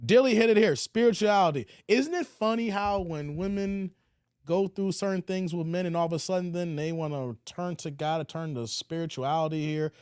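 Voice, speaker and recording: A man's voice: sits high, normal speed, darkish tone, clear, resonant tone, dry recording, studio quality. A man hosting a livestream, reading viewer comments aloud and reacting in laid-back slang. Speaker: livestream host.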